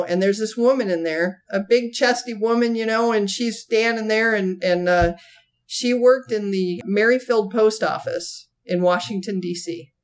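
A woman co-hosting a podcast tells a story in a casual, animated way. She laughs often and slips into quoted voices. Her voice sits at a middle pitch. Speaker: podcast co-host.

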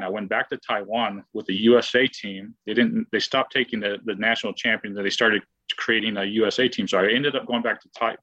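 On a dry recording with its highs cut off, a guest who once played baseball speaks in a low, fairly bright voice. His long personal story is rambling and casual, packed with fillers and restarts, and he often acts out what he said and thought back then.

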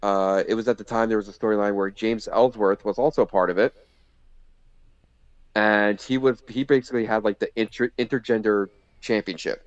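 A man's voice: fairly low pitch, steady tone, brisk, dry recording. Rambling man telling a wrestling story. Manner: rambling, many fillers and restarts. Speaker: podcast guest, former indie wrestler. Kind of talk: casual storytelling. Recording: slightly muffled lo-fi audio.

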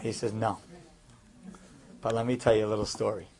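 A man telling a story aloud, acting out the voices of the people in it and rising high and loud at the dramatic moments. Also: level tone, a little fast. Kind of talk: animated story with acted dialogue.

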